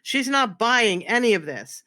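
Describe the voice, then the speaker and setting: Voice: mid-range voice, sing-song, unhurried, sharp tone. A streamer casually recapping a roleplay scene with lots of swearing, restarts and emphatic repeats.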